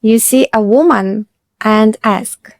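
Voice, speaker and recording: A woman, a teacher narrating a slow scripted lesson and repeating phrases for learners. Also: fairly high pitch, no room sound. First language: Russian. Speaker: Russian teacher.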